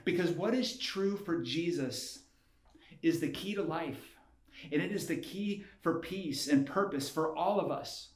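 A man's voice: fairly high pitch, measured pace. Man preaching in an echoey room. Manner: conversational preaching, building to emphatic peaks. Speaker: pastor. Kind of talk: sermon. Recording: roomy echo.

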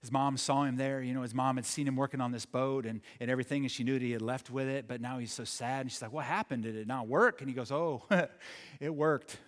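A man telling a story in a halting way, repeating words and moving from excited to hushed. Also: medium pitch, long reverb tail. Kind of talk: told story.

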